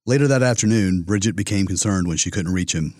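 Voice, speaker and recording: A man giving measured scripted documentary narration. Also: sits low, a little mellow, no room sound, clean studio sound.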